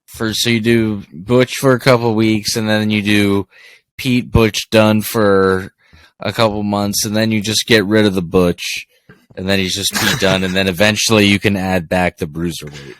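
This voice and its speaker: A man's voice: on the low side, steady tone, moderate pace, fairly bright tone, slight background noise. A man co-hosting a casual wrestling podcast, laying out his opinions step by step. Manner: opinionated, lays out ideas step by step. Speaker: podcast co-host.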